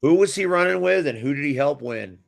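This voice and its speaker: A man's voice: on the high side, animated, fairly quick, creaky. A man hosting a podcast, chatting casually and enthusiastically, rambling with restarts as he previews matches. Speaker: podcast host. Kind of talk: casual wrestling preview chat.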